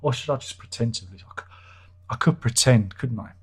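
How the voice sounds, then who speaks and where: A man's voice: medium pitch, brisk, breathy edge. A man hosting a casual livestream, reading out chat comments in a rambling, self-interrupting, wry way.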